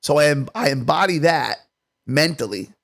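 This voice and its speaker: A man's voice: on the high side, animated, gravelly, a bit bright. A man from Staten Island, a comedian guest telling stories in casual, profane chat. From Staten Island, New York. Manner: profane, rapid storytelling.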